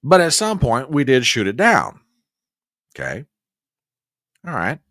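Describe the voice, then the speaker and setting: A man's voice: medium pitch, huge pitch swings, a little slow, a bit bright, dry recording, clean studio sound. A man hosting a casual news commentary livestream, folksy and chatty as he talks straight to his viewers. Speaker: host.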